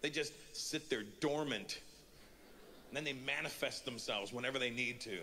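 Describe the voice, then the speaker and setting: A man's voice: mid-range voice, normal speed, pushed and bright, a little hiss or hum. A man in his forties from Canada performing a stand-up comedy routine, telling a story and acting out the quotes. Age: 40s.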